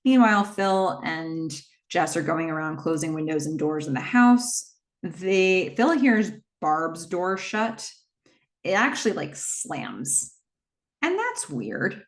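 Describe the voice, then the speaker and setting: Low-voiced woman recapping a horror film. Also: big pitch swings. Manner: chatty, quick plot retelling with asides. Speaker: horror movie recap host.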